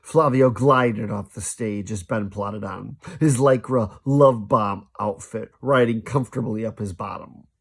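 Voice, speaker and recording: A man reading a children's novel aloud, lively, now and then stumbling and restarting a sentence. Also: fairly low pitch, a little slow, few pauses, breathy edge. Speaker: storybook reader.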